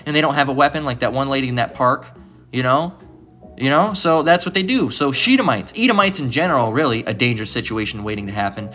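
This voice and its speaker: A man's voice: mid-range voice, expressive, brisk, bright, forceful tone, faint music behind. Emphatic, profane man preaching a lesson. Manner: loose and profane, tags lines with "all right?"; emphatic, often repeats himself. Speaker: preacher teaching a Bible lesson. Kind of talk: informal sermon-style Bible lesson.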